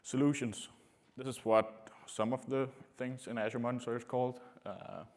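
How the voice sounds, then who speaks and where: A man giving a technical conference talk to a room, speaking in a halting way with many filler sounds. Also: mid-range voice, level tone, darkish tone. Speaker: conference presenter.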